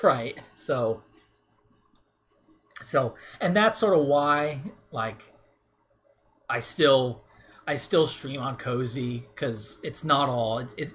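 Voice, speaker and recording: A man's voice: medium pitch, fairly bright tone. A man hosting a casual livestream, ranting in a rambling, repetitive way, tagging his points with "right?" and swearing often. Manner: rambling and repetitive, heavy "right?" tags, profane. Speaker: livestream host.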